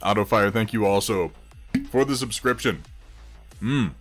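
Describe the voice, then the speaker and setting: A man's voice: lowish voice, measured pace, fairly bright tone, soft background music. A man hosting a casual livestream, chatting wryly with viewers in a rambling way while he eats and paints miniatures.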